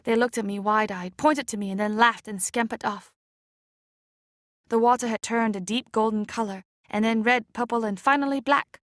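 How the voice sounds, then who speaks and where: A woman reading an audiobook chapter aloud in a measured, expressive way. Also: fairly high pitch, dry recording, clean studio sound. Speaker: audiobook reader. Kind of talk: scripted narration.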